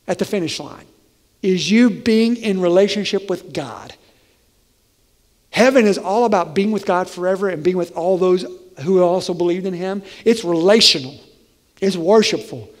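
A male pastor preaching a conversational, animated sermon in a church sanctuary. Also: sits high. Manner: conversational, animated, acts out voices. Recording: long hall reverb.

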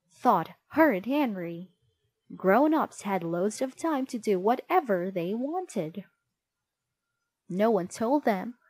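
Slow expressive woman reading a children's book. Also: mid-range voice. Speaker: storybook reader. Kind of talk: children's book read-aloud.

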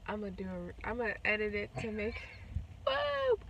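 A woman's voice: mid-range voice, fairly even intonation, moderate pace, far from the mic, muffled recording. A tipsy woman chatting in a rambling way in a casual vlog. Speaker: vlogger. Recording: noisy background.

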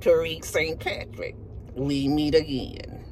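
A woman's voice: low voice, fairly even intonation, slow pace, a little mellow, slight background noise, voice pushed down. A woman mimicking a smug female detective in a mocking put-on New York accent.

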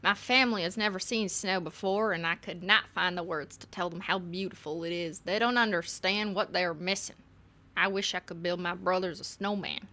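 Woman doing a bright-voiced young letter-writer with a Texan accent, reading aloud. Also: fairly low pitch, normal speed. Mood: wistful. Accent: put-on Texan.

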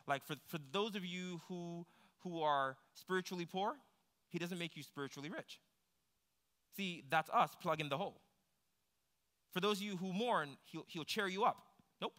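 In a church hall with long reverb, a pastor with a high, sharp voice preaches conversationally. His sermon climbs to emphatic, pressing peaks.

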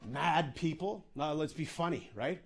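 A man's voice: fairly high pitch, unhurried. A man performing stand-up comedy, telling a self-mocking story with lots of asides.

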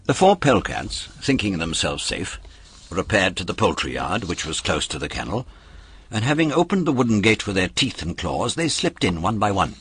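Husky, low-voiced male storyteller. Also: big pitch swings, normal speed, a bit bright, dry recording. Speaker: audiobook narrator. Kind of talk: storybook narration.

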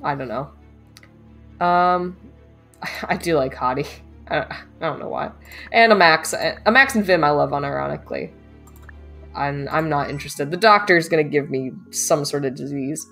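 A woman's voice: deep voice, moderate pace, gravelly, pauses often, a bit bright, soft background music. A young woman with a slightly stuffy nose, giving playful, giggly casual commentary on a game as a streamer. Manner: playful, giggly, reads dialogue aloud.

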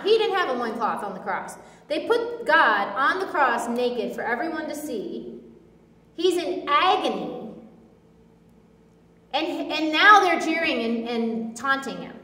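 A woman's voice: sits high, fairly bright tone. A woman preaching a sermon in a conversational way, with lots of casual filler words. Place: church hall. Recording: echoey hall from far off.

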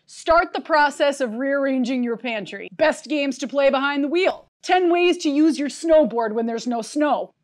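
A woman in a comedy sketch playing an upbeat, scatterbrained worker who is quickly distracted, talking in a chirpy, scattered way. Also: sits high, natural voice.

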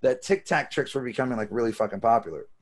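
A man lecturing on magic over a video call, telling stories in a casual, animated way and swearing freely. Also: medium pitch, fast.

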